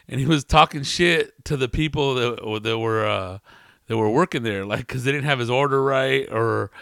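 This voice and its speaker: A man's voice: mid-range voice, vocal fry, fairly bright tone, dry recording, studio quality. A man from California hosting a podcast, telling comedic stories in a casual, profane, laid-back way. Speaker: podcast host. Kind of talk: comedic storytelling.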